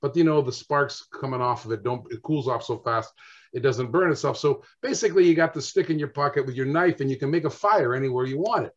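A man telling a story as a guest and explaining his invention, with excited, stammering restarts. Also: mid-range voice, fast, dull audio. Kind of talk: casual storytelling.

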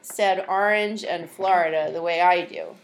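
A woman's voice: fairly low pitch, steady tone, a little slow, a little hiss or hum. A middle-aged woman from Rhode Island co-hosting a podcast in casual chat, rambling and hesitant, often laughing. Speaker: podcast co-host, mother.

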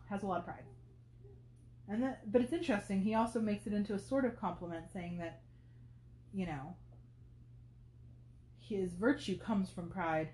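A woman's voice: mid-range voice, darkish tone, echoey room. A woman hosting a podcast, talking through a classic novel in casual commentary, thinking aloud with many fillers. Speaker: podcast host.

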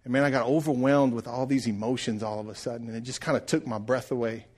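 A middle-aged man preaching a sermon, rising loud and then dropping to a hush. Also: mid-range voice, fairly even intonation, quick pace. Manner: preaching, swells loud then drops to hushed. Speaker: pastor.

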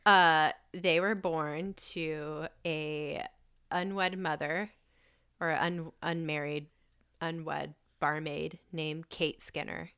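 A woman's voice: low voice, little pitch movement, extremely slow, fairly bright tone, clean tone. A woman co-hosting a podcast in casual chat, laid-back, giggly and frank, swearing now and then. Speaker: podcast co-host.

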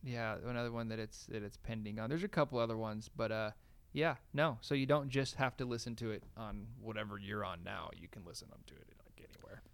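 Male podcast co-host, relaxed, rambling, laughs a lot. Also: lowish voice, a little fast. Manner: laid-back, laughs often, rambling fillers. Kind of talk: casual podcast chat. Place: small studio room with frosted glass windows.

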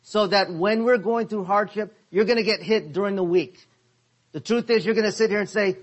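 High-voiced man teaching a Bible class. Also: moderate pace, highs cut off. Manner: asks questions of the class, stresses words.

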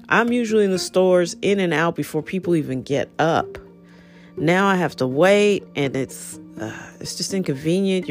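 Her voice is low-pitched with a darkish tone. As host of her own podcast, she talks casually and frankly into her phone in a solo monologue, rambling and chatty, and laughing at herself along the way.

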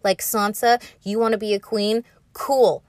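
A woman voicing a blunt nobleman father in an offhand, slangy, deadpan way, close to her own voice. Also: medium pitch, measured pace, dry recording, natural voice. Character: blunt stern nobleman father, matter-of-fact.

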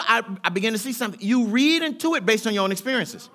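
Male pastor, middle-aged, high and bright voice, fervent rhythmic sermon. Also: lively intonation, racing, few pauses. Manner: preaching with rising fervor, colloquial and rhythmic. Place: church sanctuary.

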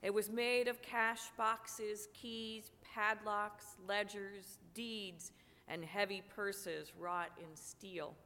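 A woman pastor with a cold preaching a sermon, slow and earnest with touches of humor. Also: mid-range voice, fairly even intonation, pushed and bright. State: has a cold, coughing. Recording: long reverb of a large room.

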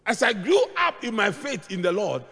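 A middle-aged male pastor preaching a sermon, moving between hushed asides and shouted points as he tells stories. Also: high voice, big pitch swings, normal speed, slightly rough. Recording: long hall reverb.

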